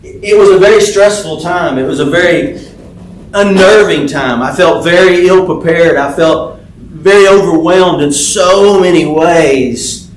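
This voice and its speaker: A man's voice: a little high, measured pace, a little hiss or hum. Conversational middle-aged male pastor, echoey sanctuary. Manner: conversational, frequent fillers and restarts. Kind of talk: sermon with personal story. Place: church sanctuary.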